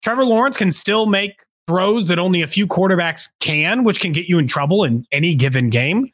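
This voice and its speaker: Animated guy on a sports podcast, bright voice, pitch bouncing all over. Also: a little fast. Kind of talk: casual sports chat.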